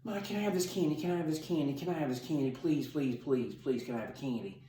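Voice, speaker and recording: A man's voice: a little high, quick pace, mellow, roomy sound, slight background noise, pitched above the performer's own voice, lightly acted. A man voicing a whiny small child begging for candy. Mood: pleading.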